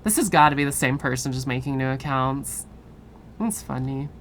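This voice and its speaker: A woman streamer chatting casually with her viewers, cursing freely and laughing often. Her voice is deep for a woman. A faint background hum sits under it. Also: animated, moderate pace. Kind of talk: casual live-stream chat.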